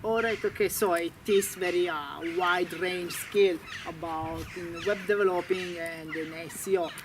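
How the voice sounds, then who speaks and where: A man with an Italian accent, a guest speaking halting non-native English with many fillers in a casual interview. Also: high voice, fairly even intonation, background noise. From Italy.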